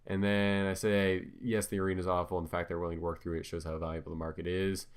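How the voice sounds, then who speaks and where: A man's voice: deep voice, level tone, fast, smooth. A man giving casual commentary over his own clips, talking hesitantly with many ums and restarts. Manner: filler-heavy, hesitant, self-correcting.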